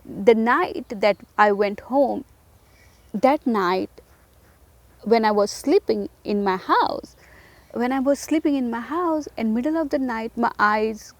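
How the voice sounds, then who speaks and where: A woman shares an emotional personal testimony, speaking earnestly and directly to the listener and repeating phrases for emphasis. Her voice is fairly high and unhurried, and the recording is dry.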